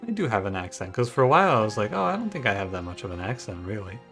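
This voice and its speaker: A man with a Michigan accent and a slightly low voice chats at a desk microphone, musing and thinking aloud as he opens a gaming video. Soft music plays faintly behind him. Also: very animated, rapid-fire. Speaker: gaming YouTuber. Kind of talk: casual let's-play intro chat.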